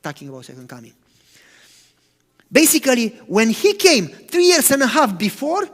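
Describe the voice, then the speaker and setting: A man preaching a sermon as pastor, animated, swinging from loud to hushed. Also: very high-pitched, normal speed, long pauses. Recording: long hall reverb.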